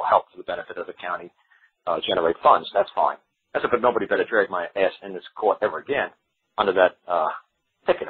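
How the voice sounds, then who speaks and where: A man with a very husky, low voice speaks fast as he recounts a court story, playing out both sides of the exchange. He repeats and restarts phrases as he goes. The sound is thin and tinny, like a phone call carried over radio. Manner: quotes courtroom exchanges in animated back-and-forth; repeats himself with frequent restarts. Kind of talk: storytelling monologue.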